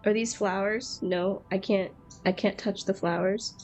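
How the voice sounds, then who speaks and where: A woman streaming a video game, chatting casually and excitably and echoing the game text aloud. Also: medium pitch, unhurried. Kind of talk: casual gaming chat. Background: game music.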